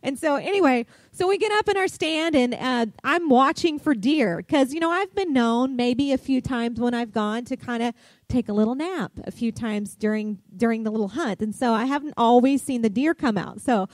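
Lady pastor, high voice, rambling story in a sermon, dry close sound. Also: normal speed, dry recording. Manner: chatty, animated storytelling with lots of fillers.

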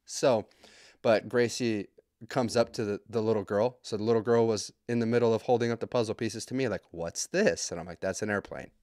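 A man's voice: fairly low pitch, fairly even intonation, brisk, a little mellow, no room sound, studio quality. A man in his thirties hosting a podcast, telling stories in a loose, profane, self-mocking chat. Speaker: podcast host. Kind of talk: casual solo podcast monologue.

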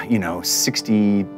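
Deep-voiced woman game master. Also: fairly bright tone. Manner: halting, with fillers. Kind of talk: narrating a tabletop game.

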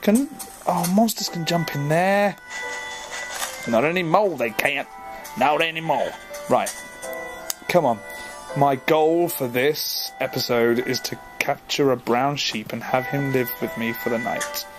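A young man giving casual, excitable let's-play commentary, joking at his own expense and easily flustered as he plays. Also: mid-range voice, a little slow, music in the background. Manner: excitable, jokey, easily flustered, self-mocking. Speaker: gaming video host.

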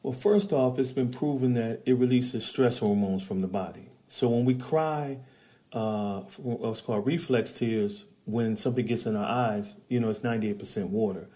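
A man's voice: mid-range voice, moderate pace, warm tone. A middle-aged man, an author and men's trainer, speaking as a guest in a podcast interview, preacherly in tone, building to emphatic peaks. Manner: preacherly, rises to emphatic peaks, addresses host as brother.

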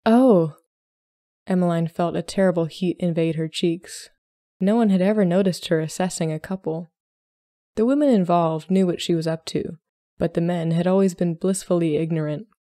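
A woman narrates a short story in measured, scripted storytelling. Her voice is lowish and mellow. The recording is close and very dry, with no room sound. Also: no echo. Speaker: podcast host reading a story.

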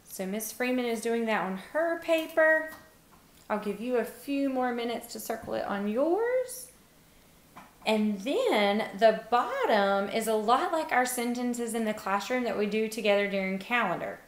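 A woman teacher giving a phonics lesson to young children, encouraging and sounding out words with pauses. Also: a little high, lively intonation. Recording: echoey room.

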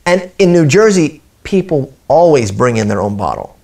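A man's voice: on the high side, very animated, moderate pace, vocal fry, a little mellow. A man, an Islamic teacher, telling stories in conversation, often restarting his sentences and acting out dialogue. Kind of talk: conversational storytelling.

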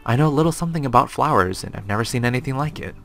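A man's voice: mid-range voice, animated, rapid-fire, gravelly, a bit bright, soft background music, pitched above the performer's own voice. A man voicing an earnest, sentimental young husband who loves flowers.

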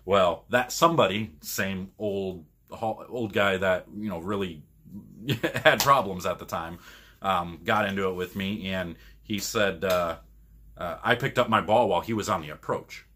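Speaking at a measured pace in a low voice, this Michigan podcast co-host and pro bowler rambles through casual stories with frequent laughter. He turns animated when recounting arguments, and slight background noise is audible.

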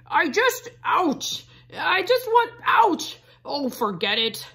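A woman voicing a sniffing male wolf who loves books, talking high and eager and cutting himself off. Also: sing-song, slow pace, vocal fry, sharp tone, exaggerated voice. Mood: flustered. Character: sniffing, book-loving male wolf, sly then pleading.

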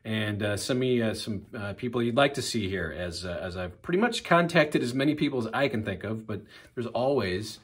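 A man's voice: fairly low pitch, lively intonation, brisk, few pauses, breathy edge. A man hosting an online interview show, laid-back and filler-heavy as he wraps up. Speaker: channel host, interviewer. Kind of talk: casual interview and sign-off.

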